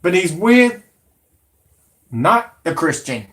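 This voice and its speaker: A man's voice: fairly high pitch, animated, measured pace. A man, a channel host ranting angrily at his viewers, swearing and combative. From Alabama, USA. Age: 40s. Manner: profane, combative, shouting at viewers. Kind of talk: angry ranting monologue.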